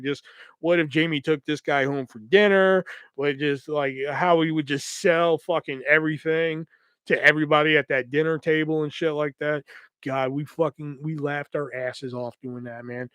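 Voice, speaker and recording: A young man telling a long, profane, rambling story on his podcast, acting out the people in it with quick voices. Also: fairly high pitch, clear, resonant tone, no room sound. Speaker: podcast host. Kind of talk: casual storytelling.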